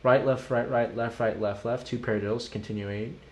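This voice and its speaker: A man's voice: medium pitch, steady tone, normal speed, a little mellow. A man teaching a live-streamed drum lesson. He talks through rhythms by chanting the sticking in syllables, casually and encouragingly, and chats with viewers.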